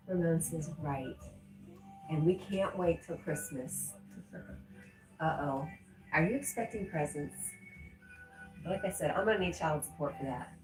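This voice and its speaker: A woman's voice: low-pitched, takes it slowly, long pauses, a little mellow, roomy sound, soft background music, low-quality recording. A middle-aged woman hosting a casual livestream, reading chat messages aloud and answering them with frequent laughter. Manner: reads chat messages aloud and chats back, laughing often.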